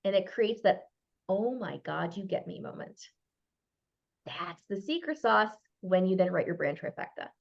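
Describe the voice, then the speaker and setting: A middle-aged woman giving an expert talk on brand messaging, animated and acting out quotes as she goes. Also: medium pitch, normal speed, vocal fry, muffled recording. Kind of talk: lively workshop talk on a video call.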